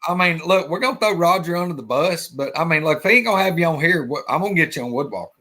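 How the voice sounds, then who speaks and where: A man co-hosting a live stream, telling folksy stories in an animated way. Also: on the high side, very fast. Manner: animated yarn-spinner, folksy. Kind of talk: casual storytelling chat.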